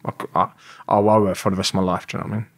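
Young london bloke, kinda low voice, tells his story loose and sweary, laughs along. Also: flat delivery, rapid-fire. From England. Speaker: guest. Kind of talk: casual interview storytelling.

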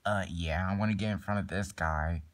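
A man's voice: sits low, steady tone, a little fast. A young man improvising a toy skit and doing all the voices, rambling with many fillers and restarts. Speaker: plush toy video maker.

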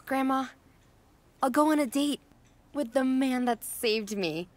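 A woman's voice: high voice, unhurried, no echo. A woman dubbing a dreamy young village girl in love, eager and earnest. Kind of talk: English dubbed film dialogue.

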